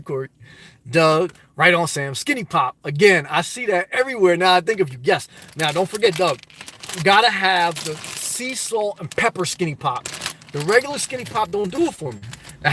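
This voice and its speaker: A man's voice: a little high, bright, forceful tone, slight background noise. A middle-aged man from the US Northeast hosts a casual live stream, reading viewer comments and giving upbeat, preachy advice straight to his audience.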